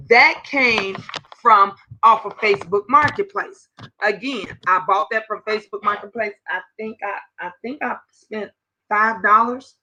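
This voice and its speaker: A woman in her fifties hosting a casual livestream chat, animated and talking straight to her viewers. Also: mid-range voice, a little hiss or hum, poor audio. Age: 50s. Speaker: livestream host.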